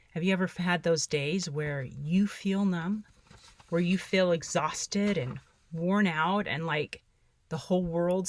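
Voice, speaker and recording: Middle-aged woman host, low-ish voice, earnest and soft, dry close sound. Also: dry recording. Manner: earnest, soft-spoken, with wry laughs. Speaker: podcast host. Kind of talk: reading journal entries and sharing tips.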